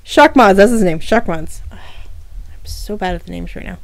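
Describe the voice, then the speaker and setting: A woman's voice: medium pitch, lively intonation, measured pace, creaky, dry recording, whispered. A woman reading her own fan fiction aloud on a livestream, breaking off for casual asides with fillers. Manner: casual asides with fillers between story passages.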